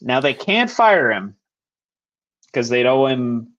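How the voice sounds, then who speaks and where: A man's voice: medium pitch, very animated, slow pace, fairly bright tone, highs cut off. A young man co-hosting a sports podcast, bluntly breaking down a football game in casual chat. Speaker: podcast co-host.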